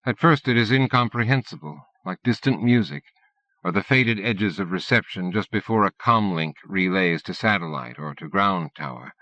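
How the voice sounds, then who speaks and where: A man reading an audiobook in a steady, measured narration. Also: sits low. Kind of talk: scripted narration. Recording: dull dry cassette-era audiobook recording.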